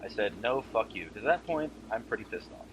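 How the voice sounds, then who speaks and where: A man arguing fast and combatively over voice chat as a guild raid leader, swearing freely. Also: fairly low pitch, sing-song, fairly bright tone, lo-fi sound. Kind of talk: heated voice-chat argument. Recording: noisy voice-chat recording.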